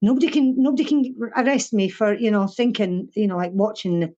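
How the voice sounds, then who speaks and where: A woman's voice: medium pitch, a little fast, dark tone, muffled recording. An older woman with a Fife Scottish accent, a guest chatting bluntly in an interview, swearing freely and laughing often. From Scotland (Fife). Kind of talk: casual interview chat.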